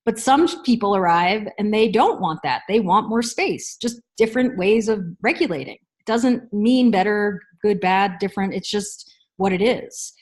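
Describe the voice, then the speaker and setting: A woman parenting coach answering listener questions in a measured, reflective way, with thoughtful pauses. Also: mid-range voice. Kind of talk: unscripted advice talk.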